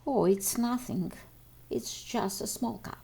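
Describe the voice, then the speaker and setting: A woman's voice: a little high, takes it slowly, vocal fry, warm tone, slightly rough. A woman teacher, reading out homework exercises and answers to children and addressing them directly. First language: Russian. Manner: reads exercises aloud and addresses pupils directly. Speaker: English teacher. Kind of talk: recorded homework walkthrough for children.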